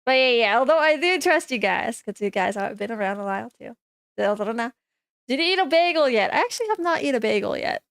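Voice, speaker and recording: A woman's voice: fairly high pitch, expressive, fast talker, vocal fry, a bit bright, no room sound. A woman streamer chatting casually with her viewers, rambling and reacting to chat.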